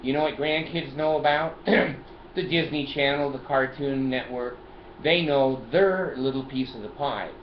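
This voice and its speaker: A man's voice: medium pitch, a little slow. An older man hosting a casual vlog from his car, chatty and joking, often laughing and swearing as he shows off his gadgets. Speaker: video host. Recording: roomy, dull lo-fi sound, faint noise.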